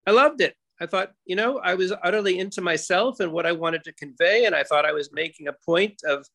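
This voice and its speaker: Gravelly older man telling a story. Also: high-pitched, a little fast. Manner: reflective, storytelling, gently self-mocking. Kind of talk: warm personal tribute in group.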